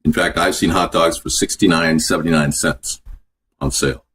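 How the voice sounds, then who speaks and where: A man's voice: rumbling low, fairly even intonation, moderate pace, a bit bright. A man hosting a casual cooking show from his home kitchen, chatting and answering viewer comments as he goes. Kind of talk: casual live-stream cooking chat.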